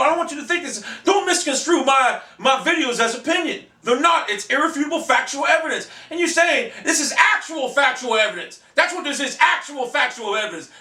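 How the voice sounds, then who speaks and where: A man ranting in a video blog, profane and rambling, who breaks into shouts, recorded in a back room of his house. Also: extremely high pitch, distant mic. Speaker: video game vlogger. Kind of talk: profane game-console rant. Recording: echoey room, voice off-mic.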